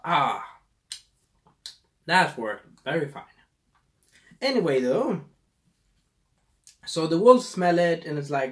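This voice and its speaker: A man's voice: on the high side, sing-song, takes it slowly, long pauses. Rambling man reviewing a movie. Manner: rambling, loses his train of thought. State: scratchy throat.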